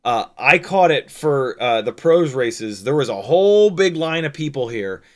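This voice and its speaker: A man's voice: mid-range voice, sing-song, a little slow. A man talking casually on a livestream, rambling over his footage with lots of fillers, restarts and the odd swear. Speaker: drone pilot and streamer.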